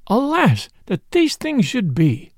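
Man doing a jolly outlaw boss, teasing and mock-serious, lively gravelly voice, dry sound. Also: sits high, slow pace, no room sound, pitched above the performer's own voice, exaggerated voice. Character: jolly, mock-solemn male outlaw leader.

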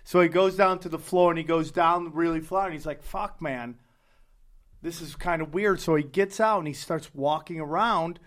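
Male podcast co-host, slightly high voice, loose swearing storyteller. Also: moderate pace. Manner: animated, profane, rambling storyteller. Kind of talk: casual storytelling chat.

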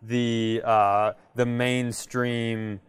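A man's voice: mid-range voice, level tone, very slow, clean tone, dry recording, clean studio sound. A man co-hosting a podcast in casual chat, musing aloud and searching for the right words as he goes. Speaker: podcast co-host.

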